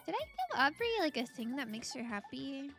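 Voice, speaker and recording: High-voiced woman streamer chatting. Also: huge pitch swings, moderate pace, fairly bright tone. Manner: chatty, laughs often, reads game text aloud. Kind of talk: casual game commentary. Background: game music.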